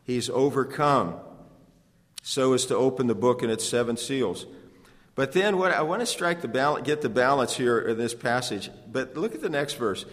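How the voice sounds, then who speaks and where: A man's voice: mid-range voice, animated, normal speed. A man preaching an expository sermon, earnestly asking the congregation rhetorical questions. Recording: long hall reverb.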